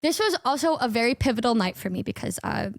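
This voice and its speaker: A young woman casually telling trip stories, excitable and slangy, swearing freely and laughing often. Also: fairly high pitch, fast talker, dry recording, studio quality. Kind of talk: casual storytelling.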